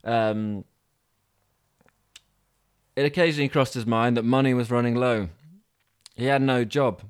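A man narrating a comic story with dry, deadpan asides. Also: mid-range voice, measured pace, smooth. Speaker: podcast host and storyteller.

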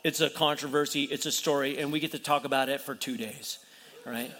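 A man's voice: mid-range voice, steady tone, fairly quick, pushed and bright, in a large hall. A man preaching a sermon as pastor, telling a story with rhetorical questions and acted-out voices.

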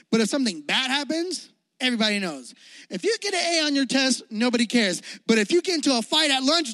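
A man's voice: very high-pitched, fairly bright tone, no echo. A young man giving a youth sermon in a playful, slangy, joking way, acting out the Bible story. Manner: playful, jokey, slangy, acts out quotes. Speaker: youth pastor.

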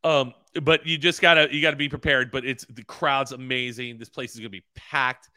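An easygoing man co-hosting a casual podcast, quick to chime in with short agreements. His voice is very bright and forward, and it is recorded close and completely dry. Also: medium pitch, fairly even intonation, no echo. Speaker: podcast co-host. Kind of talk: casual chat.

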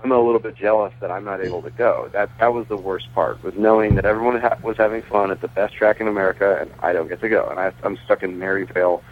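Man, phone-in radio guest, lowish voice, tinny phone line, chatty, rambling storyteller. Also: steady tone, fast talker, hardly any pauses. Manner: chatty, self-correcting, laughs while talking. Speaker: guest, pitcher and race team owner. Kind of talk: phone interview, casual storytelling.

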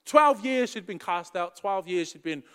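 Kiwi guy preaching, laid-back slangy storytelling, high voice, lots of hall echo. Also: normal speed, clean tone. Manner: casual, slangy, animated storytelling. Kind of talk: storytelling sermon.

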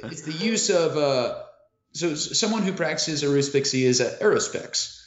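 Casual man explaining history, roomy lo-fi sound. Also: fairly high pitch. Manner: casual, many fillers, swears, laughs easily. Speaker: podcast co-host. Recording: roomy lo-fi audio.

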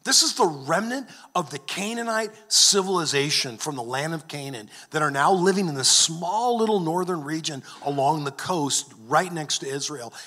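A man's voice: a little high, bright, forceful tone. A man preaching a sermon, earnest, often restarting and repeating words. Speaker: pastor. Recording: long hall reverb.

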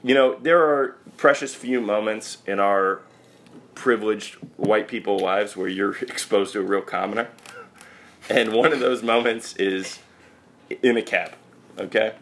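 A man's voice: lowish voice, steady tone, measured pace, fairly bright tone, a little hiss or hum. A man hosting a podcast, telling a wry, profane, rambling story in casual chat. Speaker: podcast host.

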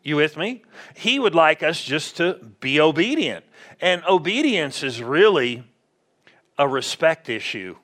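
A man's voice: on the high side, big pitch swings, measured pace, a bit bright. A man preaching a conversational sermon in a church, often asking the congregation questions. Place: church sanctuary.

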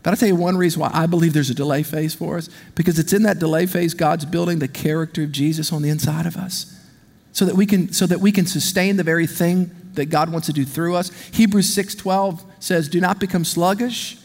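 High-pitched guy preaching, chatty and animated, calling out to the crowd, big echoey church. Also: a little fast. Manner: animated, conversational, calls out to the congregation. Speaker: pastor. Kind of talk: sermon. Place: large church hall. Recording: long reverb of a big hall.

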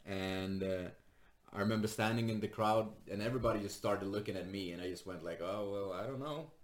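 A man's voice: deep voice, fairly even intonation, fairly quick. A man, a stand-up comedian, telling a story in casual chat, laughing often and swearing freely. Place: Sweden.

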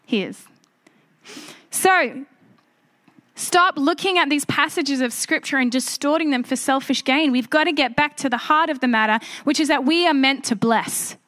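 A woman pastor with a high, light voice delivers a sermon. She preaches in a lively, chatty way and mixes teaching with funny stories about her own life. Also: normal speed. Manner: animated, conversational preaching with self-deprecating asides.

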